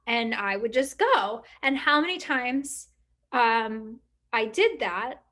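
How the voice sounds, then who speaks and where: A middle-aged woman with a fairly high voice co-hosts a casual talk. She thinks out loud in long, winding sentences, full of "like" and "you know", and breaks into animated quoted remarks. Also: slow pace. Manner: rambling and reflective, many fillers, lively quoted asides. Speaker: podcast co-host. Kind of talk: casual chat.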